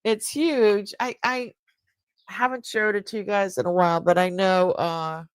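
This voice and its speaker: An older woman hosting a live jewelry sale stream, chatting casually and warmly with her viewers. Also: mid-range voice, fairly even intonation, unhurried, no room sound. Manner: chatty and warm-hearted, easily moved.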